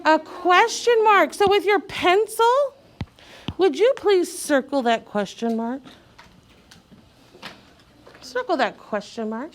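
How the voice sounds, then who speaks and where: A woman teacher leading a young child through a reading lesson, slow and clear, sounding out letters and encouraging. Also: very high-pitched, animated, a little hiss or hum.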